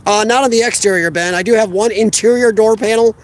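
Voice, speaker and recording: Chatty high-voiced man. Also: brisk, slight background noise. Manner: chatty, rambling, answers chat. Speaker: vlogger live-streaming. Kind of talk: casual live-stream chat. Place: outdoors by a parked car.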